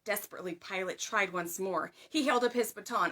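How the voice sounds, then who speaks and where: A woman reading a story aloud, expressive, hushing for quiet moments and lifting her voice for loud ones. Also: medium pitch, brisk, hardly any pauses. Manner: expressive, raises voice for crowd shouts, hushed for quiet lines.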